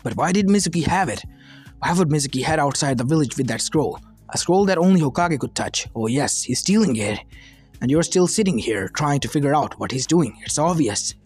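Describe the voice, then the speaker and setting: Brief: male fan fiction reader, slightly high voice, plain delivery, soft lofi music bed. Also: slightly rough. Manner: plain reading with slips. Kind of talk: reading fan fiction aloud.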